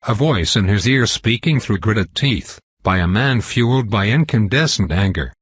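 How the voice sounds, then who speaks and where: Male narrator, deep and breathy, dry close read; clipped, intense dramatic delivery. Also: expressive, normal speed, dry recording. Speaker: audiobook narrator. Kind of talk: first-person fiction narration.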